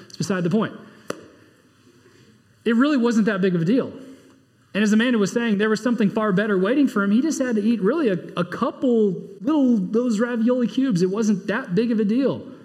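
A pastor preaching a sermon, swinging between loud, emphatic bursts and low, quiet asides. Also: male voice, big-room sound.

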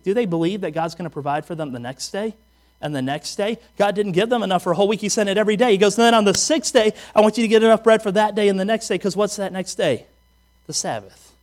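High-voiced man preaching a sermon. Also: darkish tone. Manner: humorous, conversational preaching with rhetorical questions. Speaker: pastor.

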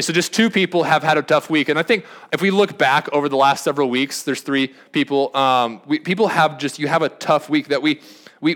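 A man's voice: on the high side, fairly bright tone. A young man preaching a sermon as a pastor, talking conversationally with frequent restarts and asides. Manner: conversational, rambling with many restarts.

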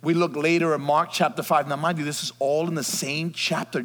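A male pastor delivers an Easter sermon in a church sanctuary, his fairly high voice ringing with long reverb. He drops to hushed, almost whispered lines, then climbs to loud, fervent shouts. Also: flat delivery, a little fast.

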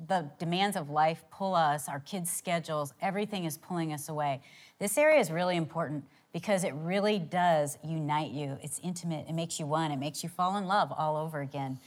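Middle-aged female co-host, earnest storyteller, lower voice. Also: brisk. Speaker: co-host, Bible study leader. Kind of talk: casual marriage talk.

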